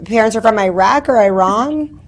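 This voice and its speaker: A woman's voice: fairly high pitch, animated, moderate pace. Woman host asking friendly questions. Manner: friendly, encouraging, asks short questions. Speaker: talk show host. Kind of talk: casual interview chat.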